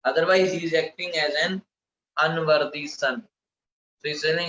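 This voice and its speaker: A man's voice: fairly high pitch, steady tone, moderate pace, pauses often, bright, forceful tone, roomy sound, highs cut off, slight background noise. A man giving a scripture lecture, defining terms over and over and often correcting himself mid-sentence. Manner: explanatory, repeats and defines terms, frequent self-corrections.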